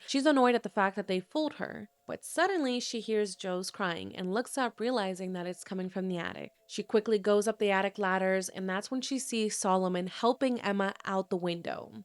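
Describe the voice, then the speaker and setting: A woman's voice: medium pitch, normal speed, hardly any pauses, clear, resonant tone, no echo. Chatty young woman recapping a movie. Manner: chatty, filler words like "like" and "you know". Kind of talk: casual movie recap narration.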